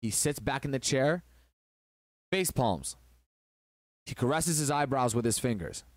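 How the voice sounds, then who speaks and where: A man's voice: medium pitch, lively intonation, unhurried, no room sound, studio quality. A man hosting a relationship advice talk, telling a story in an emphatic, preachy way.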